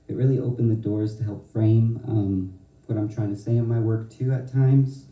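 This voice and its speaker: A young man, a student poet, reading his poems aloud in a slow, measured way with pauses, and chatting hesitantly between pieces. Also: medium pitch, mellow. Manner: hesitant filler-heavy asides between poems. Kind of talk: poetry reading. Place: event hall with audience. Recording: roomy hall, mic far off.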